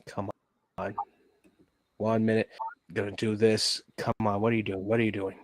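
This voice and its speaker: A man's voice: fairly low pitch, little pitch movement, normal speed, no room sound. A man hosting a casual gaming livestream, swearing freely and laughing often as he reacts to game trailers and fights his computer. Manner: profane, laughs often, grumbles at tech trouble.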